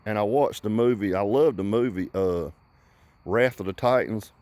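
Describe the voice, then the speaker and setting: Low-voiced man ranting profanely. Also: normal speed, a little mellow, no echo. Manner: profane, rambling, folksy drawl. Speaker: vlogger. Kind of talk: rambling comic rant.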